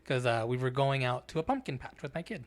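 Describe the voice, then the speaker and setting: A man's voice: mid-range voice, fast talker. A man co-hosting a podcast, telling a story in casual, profane chat and acting out the other people's lines. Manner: profane, animated storytelling, acts out quotes. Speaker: podcast co-host.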